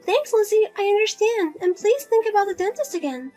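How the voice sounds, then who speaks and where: In a narrated drama with faint music behind her, a woman voices a widowed mother who is pushy and self-pitying, constantly guilt-tripping her daughter for money. Her pitch is extremely high, her intonation lively, her pace brisk and her tone dark, and she sounds nagging and whiny.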